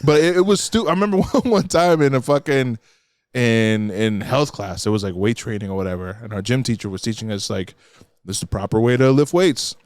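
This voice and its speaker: A man's voice: medium pitch, brisk, darkish tone, dry recording. A man guesting on a podcast as a comedian, telling playful, profane stories in casual chat in a studio.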